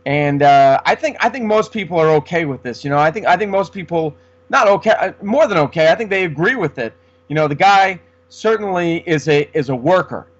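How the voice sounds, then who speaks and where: A man's voice: a little high, expressive, fairly quick. Rambling man, lo-fi. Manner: rambling, many restarts. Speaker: podcast co-host. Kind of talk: casual sports chat. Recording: dull lo-fi sound.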